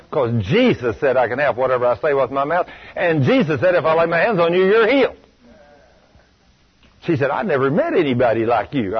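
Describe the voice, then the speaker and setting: A man preaching a sermon, telling a story in a folksy, emphatic way that swings between loud bursts and low asides. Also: slightly rough. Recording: dull lo-fi radio recording.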